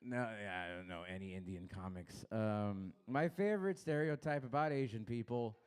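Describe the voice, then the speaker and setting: A young man from Los Angeles doing a crude stand-up set, baiting the crowd and swinging his pitch up and down. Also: moderate pace, darkish tone, clear, resonant tone. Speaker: stand-up comedian. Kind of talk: stand-up set at an open mic.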